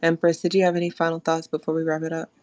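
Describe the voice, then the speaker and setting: Low-voiced woman hosting a discussion. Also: monotone, racing, a little mellow, no echo. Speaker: host. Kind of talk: hosting a live audio chat discussion.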